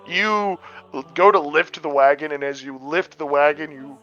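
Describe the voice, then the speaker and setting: A man's voice: fairly high pitch, moderate pace, bright, forceful tone. A man from the American Midwest running a tabletop game as game master, narrating loosely with plenty of fillers. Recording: dull lo-fi audio, faint music.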